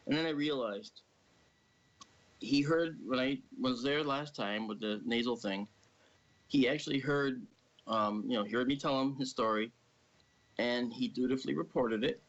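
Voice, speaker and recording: Gravelly man telling a story. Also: mid-range voice, normal speed. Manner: animated storyteller, acts out quoted voices. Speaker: guest. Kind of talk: casual storytelling on a live stream. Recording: dull lo-fi stream audio.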